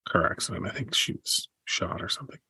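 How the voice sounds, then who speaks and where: A man's voice: fast talker, bright, forceful tone, no room sound. A middle-aged man co-hosting a family podcast, teasing his co-host with dry remarks. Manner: dry, teasing wrap-ups. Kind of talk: casual chat.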